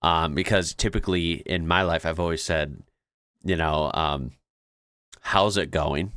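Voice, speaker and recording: A man's voice: very deep voice, fairly even intonation, unhurried, a bit bright, smooth, no room sound, studio quality. An American man hosting a reaction video, chatting in a laid-back way and laughing often. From United States. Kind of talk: casual reaction commentary.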